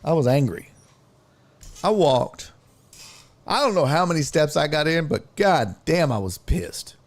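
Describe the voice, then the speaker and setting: A podcast host in his fifties tells a funny story full of swearing, animatedly acting out what people said. His voice is fairly high-pitched and unhurried.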